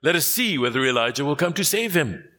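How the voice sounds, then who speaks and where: A man's voice: a little high, sing-song, fairly quick, sharp tone, long reverb tail, voice pushed up. A man voicing curious bystanders in a raised, wondering tone.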